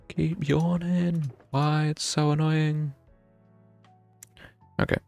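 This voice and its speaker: A young man talks his way through a game stream, counting out loud and laughing at his own bad luck. His voice sits at an ordinary pitch with a gravelly edge. Quiet music plays behind him. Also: no echo. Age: young adult. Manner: chatty, thinks aloud while playing, wry self-mockery. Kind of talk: casual live gameplay commentary.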